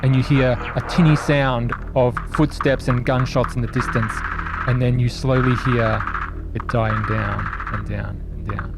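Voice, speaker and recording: A man's voice: mid-range voice, fairly even intonation, unhurried, heavy background noise. A man narrating a tabletop horror game as game master, casual and descriptive.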